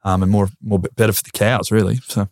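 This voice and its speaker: This former footballer in his thirties, Australian-accented and guesting on a podcast, talks fast in a fairly low, level, slightly mellow voice. There's no echo, and the sound is studio quality. Chatting casually, he stays earnest and reflective, repeating words while he sorts through his ideas.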